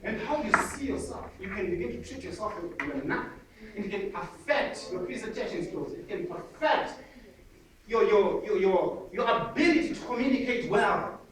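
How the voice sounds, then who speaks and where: A man, coaching an audience on public speaking in a lively seminar style and calling out to the crowd. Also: high-pitched, brisk. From Zimbabwe. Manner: energetic, calls out to the audience. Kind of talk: motivational seminar talk. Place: large hall with an audience. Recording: echoey hall from far off, audience noise.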